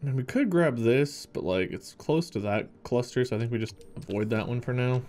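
A man's voice: medium pitch, fairly quick, darkish tone, a little hiss or hum. A man from Ohio streaming a game, chatting casually and reading out viewer messages. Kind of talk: casual live-stream chat.

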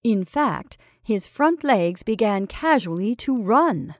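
A woman reading a classic short story aloud in a measured, expressive storytelling style. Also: mid-range voice, dry recording, clean studio sound. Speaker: story reader. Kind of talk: scripted storytelling narration.

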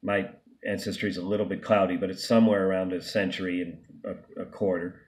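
Low-voiced man, indignant vlog monologue. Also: flat delivery, brisk, a little mellow. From United States. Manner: emphatic, indignant, with frequent restarts and stumbles. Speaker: vlogger. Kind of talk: unscripted monologue to camera.

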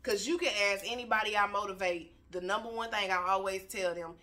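Woman motivational vlogger, bright and forceful, blunt and swearing, preaching from her couch. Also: medium pitch, fairly quick. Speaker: motivational speaker. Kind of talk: candid motivational talk. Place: home, on a couch.

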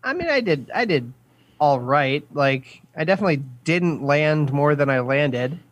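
A man's voice: on the high side, expressive, normal speed, dry recording, highs cut off. A man hosting a running podcast in casual chat, joking and easygoing. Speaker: podcast host.

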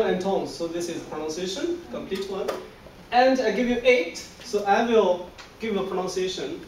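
A male language teacher drilling a class on tones, patient and coaxing, laughing often and repeating each sound as a model. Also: high-pitched. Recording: echoey room, distant mic, faint noise.

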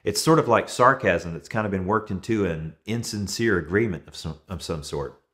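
A man in his thirties, a pastor giving a conversational sermon and telling relaxed everyday stories to make his points. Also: low-pitched, moderate pace. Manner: relaxed storytelling with everyday examples.

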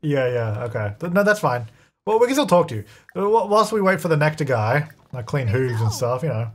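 A man's voice: mid-range voice, big pitch swings, fairly quick. A man giving casual let's-play commentary, chatty and narrating his own moves, laughing often. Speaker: gaming video creator.

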